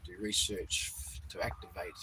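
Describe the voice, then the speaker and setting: A man's voice: deep voice, fairly even intonation, moderate pace, bright, forceful tone, slight background noise, poor audio. A man hosting a casual livestream, reading out viewers' names and greeting them as he goes. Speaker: livestream host. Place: outdoors in the cold.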